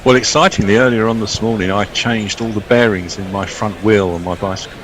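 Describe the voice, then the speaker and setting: A man's voice: lowish voice, fairly even intonation, fairly quick, fairly bright tone, a little hiss or hum, poor audio. A man chatting casually as a cricket co-commentator, rambling and stumbling over repeated words. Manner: rambling, hesitant, repeats words when starting. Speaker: co-commentator reading listener tweets. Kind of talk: casual commentary-box chat.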